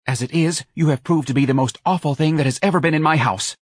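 A man playing a shrill, affected elegant host. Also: fast talker, slightly rough, no echo, studio quality. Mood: affronted.

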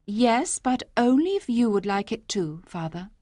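A woman reading a story aloud, voicing a gentle, hopeful young village girl who speaks earnestly. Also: a little high, very animated, measured pace, no echo, studio quality, pitched above the performer's own voice.

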